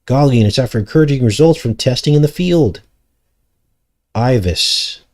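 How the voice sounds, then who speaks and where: A man's voice: mid-range voice, fast, mellow. A man giving casual, sarcastic commentary while reading news stories aloud. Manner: sarcastic, mocking asides.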